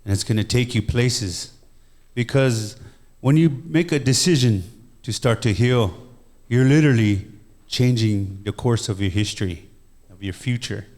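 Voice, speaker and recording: A man gives a guest talk in a calm, measured way, with an even mid-range voice. He speaks slowly and gently to encourage his listeners. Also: medium pitch. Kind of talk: reflective talk on healing.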